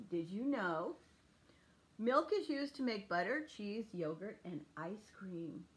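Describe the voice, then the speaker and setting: A woman preschool teacher reading a picture book aloud to children in a clear, sing-song teaching voice. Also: medium pitch, expressive, slow, a bit bright.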